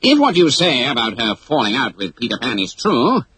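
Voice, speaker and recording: A man's voice: mid-range voice, wildly swooping pitch, normal speed, pushed and bright, slightly rough, no echo, full character voice. A man voicing a blustering, commanding male pirate captain in a storybook reading. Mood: scheming.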